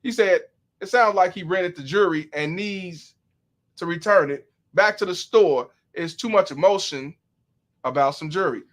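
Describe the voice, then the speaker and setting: A man's voice: a little high, fairly bright tone. A man hosting a livestream, commenting on a clip in profane slang and reading out viewer donations. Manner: profane, drawn-out, preachy slang. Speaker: host.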